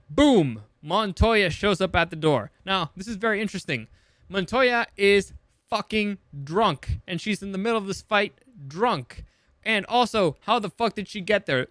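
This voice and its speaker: Sarcastic guy ranting through a movie recap, crisp bright voice, kinda high, swears a lot. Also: no echo, studio quality. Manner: sarcastic, profane, rambling with fillers. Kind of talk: casual comedic film summary.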